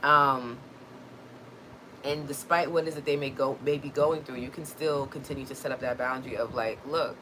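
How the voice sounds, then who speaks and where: A woman's voice: extremely low pitch, fairly even intonation, moderate pace, noisy background. A woman hosting a livestream, talking earnestly and reassuringly to her viewers, often checking in with "right?". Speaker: host. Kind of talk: livestream motivational talk.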